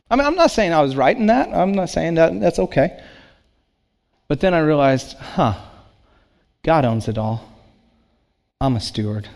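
A man's voice: on the high side, big pitch swings, unhurried, gravelly, pauses often, darkish tone. A man preaching a sermon as a pastor, in a conversational storytelling way.

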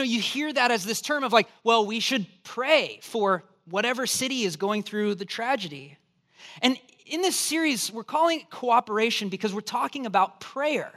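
High, bright-voiced male pastor. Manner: animated, joking storyteller, acts out quoted voices. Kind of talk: sermon with storytelling.

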